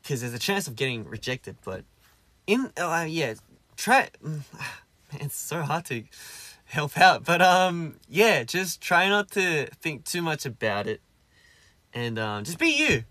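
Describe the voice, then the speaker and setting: A man's voice: a little high, sing-song, a little slow, pushed and bright, no echo. A young man in his twenties with an Australian accent, hosting a casual live stream and answering viewer comments in a rambling, easygoing way full of fillers. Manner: rambling, loose and easygoing, many fillers and restarts.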